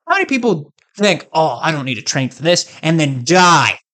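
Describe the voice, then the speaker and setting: A man's voice: fairly high pitch, fairly bright tone. Rambling, sarcastic comic guy. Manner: joking, sarcastic, loose and rambling. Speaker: comedic host.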